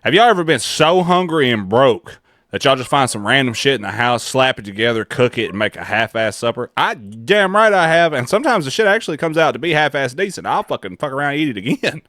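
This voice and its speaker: A man's voice: mid-range voice, expressive, fast talker, fairly bright tone, no echo, clean studio sound. A man with a Southern American accent, riffing profanely and laughing as he reacts to a video for his viewers. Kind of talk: casual reaction commentary.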